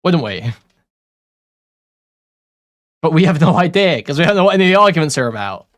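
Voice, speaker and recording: A man's voice: a little high, big pitch swings, rapid-fire, no echo, studio quality. A man doing casual commentary, reading messages aloud and reacting with bemused, profane asides. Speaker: commentary youtuber.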